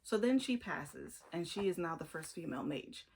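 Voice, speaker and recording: A woman's voice: fairly low pitch, lively intonation, moderate pace, creaky, a little mellow, slight background noise. A woman giving a casual, chatty book review, emphatic and full of opinionated asides.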